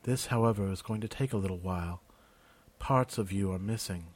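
A man voicing a gentle, slow-spoken healer. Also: low-pitched. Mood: soothing. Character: kindly calm male healer priest.

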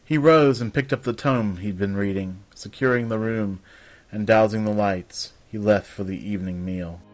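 A man narrating a fantasy story in a calm, even storytelling manner. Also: fairly low pitch, normal speed.

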